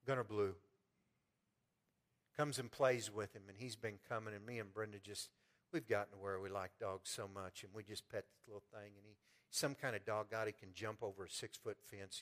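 A man preaching a sermon in a folksy way, repeating words and swinging from loud fervent peaks to quiet storytelling. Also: on the low side. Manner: preaching with rising fervor, then soft storytelling. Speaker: pastor.

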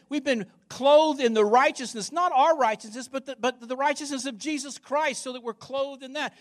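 A man preaching a sermon as pastor, emphatic, repeating words and putting questions to the congregation. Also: very high-pitched.

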